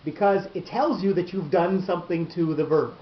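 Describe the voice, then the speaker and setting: High-voiced man teaching in an echoey room. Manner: patient, explains slowly and repeats key words. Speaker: Torah teacher. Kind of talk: classroom Torah lesson. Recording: echoey room, dull lo-fi sound.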